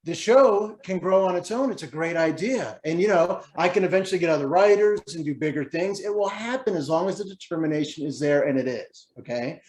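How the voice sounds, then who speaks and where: A man's voice: sits high, animated, brisk, few pauses, a little mellow, echoey room. A man chatting as a guest on a video call, reflective and rambling, laughing easily. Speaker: guest, creator of an animated show. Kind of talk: casual video-call interview.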